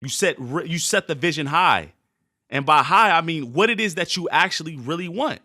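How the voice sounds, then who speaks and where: A man hosting a motivational podcast, talking intensely and forcefully in a preachy way that sounds almost angry. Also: fairly high pitch, lively intonation, normal speed, no echo, clean studio sound. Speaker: podcast host and sports motivation coach. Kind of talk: motivational speech.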